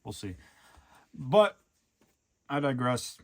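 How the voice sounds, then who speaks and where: A man's voice: mid-range voice, big pitch swings, slow, vocal fry. A young man talking earnestly in a rambling way, with lots of fillers, in a casual personal vlog monologue. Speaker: vlogger.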